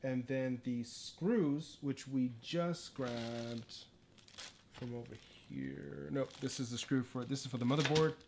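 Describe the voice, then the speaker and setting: Man, mid-pitch, chatty and self-deprecating, livestream build chat, faint hiss and clicks behind. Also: slow, creaky, darkish tone. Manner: rambling, self-deprecating, easily distracted. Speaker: livestreaming artist.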